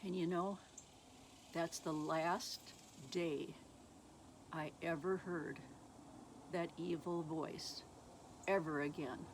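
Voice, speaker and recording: A middle-aged woman telling her personal faith testimony slowly and haltingly, with many pauses. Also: low voice, fairly even intonation, slight background noise. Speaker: speaker sharing her testimony.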